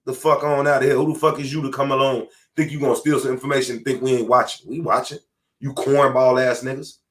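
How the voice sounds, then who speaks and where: A man's voice: medium pitch, little pitch movement, quick pace, a bit bright. A man hosting a podcast, delivering an angry, profane and confrontational monologue from home. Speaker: podcast host.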